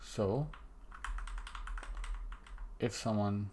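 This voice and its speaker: A young man streams himself coding a game, muttering casual commentary and breaking off his own sentences while keys tap and a mouse clicks. His fairly low voice is extremely slow, and there's background noise.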